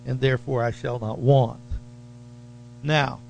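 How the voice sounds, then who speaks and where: A man's voice: mid-range voice, fairly even intonation, gravelly, a little mellow, a little hiss or hum. A man preaching a sermon as pastor, leaning hard on key phrases and drawing them out. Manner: slow, emphatic preaching with drawn-out stressed phrases.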